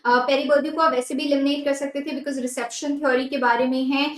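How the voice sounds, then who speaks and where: High-voiced Indian woman teaching a class. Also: level tone, very fast, echoey room, low-quality recording. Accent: Indian English. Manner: repeats key phrases, mixes Hindi and English, praises students by name. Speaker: exam prep teacher. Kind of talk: live online class lesson.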